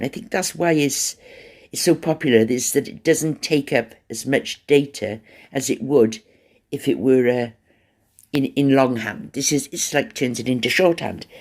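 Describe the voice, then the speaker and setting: A radio show host telling a long, chatty story in a casual, rambling way, full of fillers and sudden jumps in pitch. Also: male voice, moderate pace.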